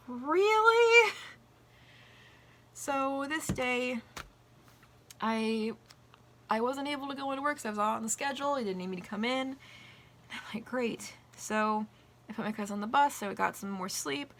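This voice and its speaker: A young adult woman vlogger casually telling work stories in an animated way, swearing freely. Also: high-pitched, fairly quick, a little hiss or hum. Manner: animated, acts out quoted voices, swears casually. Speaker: vlogger and restaurant worker. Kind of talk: casual storytelling.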